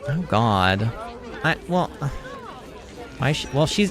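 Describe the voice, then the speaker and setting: A man's voice: mid-range voice, very animated, slow, long pauses, crowd noise. A young man streaming a game, thinking aloud and reacting with exclamations. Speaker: gaming streamer. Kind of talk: casual gameplay commentary.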